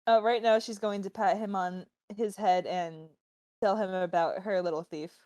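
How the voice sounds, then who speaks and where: A woman's voice: medium pitch, steady tone, moderate pace, dark tone. A woman player in a tabletop role-play, talking hesitantly with fillers and giggles.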